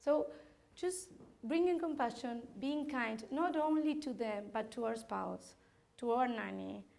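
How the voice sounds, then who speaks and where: A woman's voice: on the high side, a little slow, gravelly, a little mellow. A woman from Argentina, speaking candidly to parents in a workshop, laughing often and restarting her sentences. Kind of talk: informal talk to parents.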